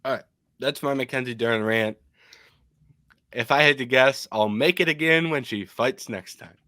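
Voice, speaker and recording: Animated man, dry close sound. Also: mid-range voice, moderate pace, no room sound. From Michigan. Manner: animated, opinionated, frequent ums. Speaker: co-host of an MMA podcast. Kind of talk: casual podcast chat.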